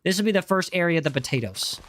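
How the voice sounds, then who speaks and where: Bright, high-voiced playful male streamer. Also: lively intonation, fast talker, slight background noise. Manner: playful, jokey, chatting with viewers. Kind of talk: live gameplay commentary.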